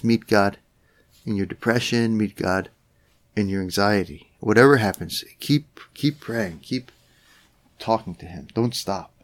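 Earnest male preacher, low voice. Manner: earnest, repeats phrases, addresses the Lord directly. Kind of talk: spoken sermon.

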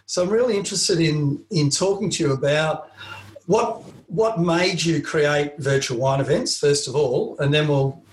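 A man's voice: fairly high pitch, normal speed, slight background noise. A man with an Australian accent hosting a podcast interview in an upbeat, friendly way. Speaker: podcast host. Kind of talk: casual interview chat. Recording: roomy echo with faint music.

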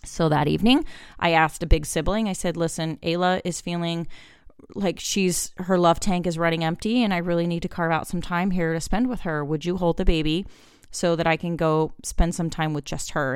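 A woman in her forties talks through a solo podcast with a smooth, clear voice that sits a little low. The sound is dry and close, with no room around it. She is chatty and candid, and she slips into quick acted-out bits of dialogue with her kids. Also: a little mellow, no echo. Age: 40s. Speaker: podcast host.

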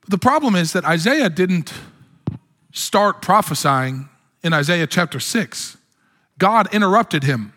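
A man's voice: high-pitched, lively intonation, unhurried, pushed and bright. A man preaching a sermon as pastor, with impassioned delivery that climbs to exclamations. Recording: long hall reverb.

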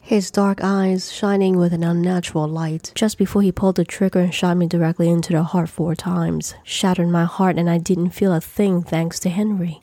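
A woman reads a first-person audiobook with a wry, sardonic manner. Her voice is low and mellow. The close studio recording is dry, with no room sound. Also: no echo. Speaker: audiobook narrator. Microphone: close studio mic.

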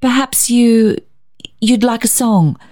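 A woman voicing a timid, hopeful young woman who speaks brightly and falters when nervous. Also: mid-range voice, lively intonation, a little slow, voice pushed up, lightly acted. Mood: flustered.

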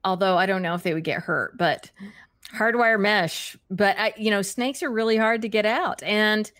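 With a fairly bright, mid-range voice at a moderate pace, a woman answers chat questions while hosting a live stream. She's chatty and giggly, laughs often, self-deprecates, and fills her talk with fillers and restarted sentences. The sound is studio quality with no room sound.

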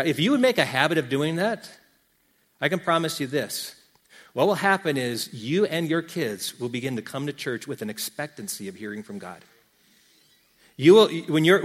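A man preaching to his congregation in a slightly higher voice. He speaks earnestly, pausing for effect and circling back on key phrases as he lays out his sermon. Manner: earnest, with dramatic pauses and repeated phrases. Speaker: pastor. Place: church gathering.

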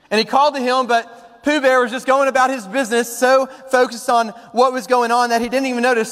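A man's voice: very high-pitched, little pitch movement, fairly quick, a bit bright, clean tone, long reverb tail. A man preaching as a pastor, reading a children's story aloud in an informal, self-deprecating way.

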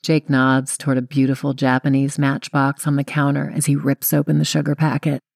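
A woman's voice: very deep voice, completely flat delivery, brisk, creaky, a little mellow, dry recording. Woman narrating an audiobook in a dry, close voice. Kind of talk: first-person audiobook narration.

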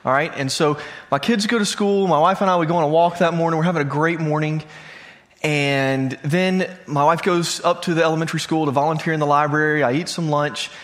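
A man in his late thirties gives a sermon in a relaxed, conversational tone. His voice sits a little high, and he often turns to the congregation with questions. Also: brisk. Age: 30s. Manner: conversational, asks the audience questions. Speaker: pastor. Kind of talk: sermon with personal story. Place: church hall before a congregation.

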